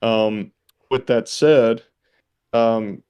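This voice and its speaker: A man from Mississippi talks in an easygoing, middle-pitched voice on a casual podcast. He chuckles often and keeps his delivery relaxed. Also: drawn-out words, clean tone. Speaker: podcast co-host.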